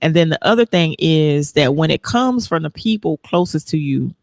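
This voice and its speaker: A woman hosting a faith podcast, talking in a lively, preacherly way. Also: low voice, moderate pace, no room sound, studio quality. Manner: animated, preacherly, reads listener comments aloud. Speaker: podcast host.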